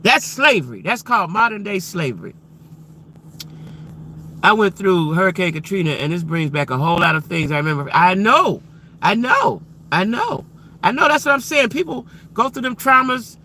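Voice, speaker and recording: A man's voice: high-pitched, expressive, normal speed, pushed and bright, a little hiss or hum. A man hosting a casual livestream who speaks emphatically, repeats himself and keeps asking his viewers rhetorical questions. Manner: repetitive, emphatic, addresses viewers directly. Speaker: livestream host. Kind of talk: casual live-stream commentary to chat.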